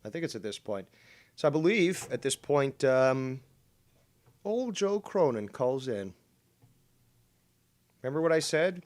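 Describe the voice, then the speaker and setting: A male livestream host comments sarcastically, and his pitch swings up and down a lot. The sound is dry and close, with no room around it. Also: very animated, unhurried, pauses often, darkish tone, no echo. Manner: sarcastic, mocking. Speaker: show host.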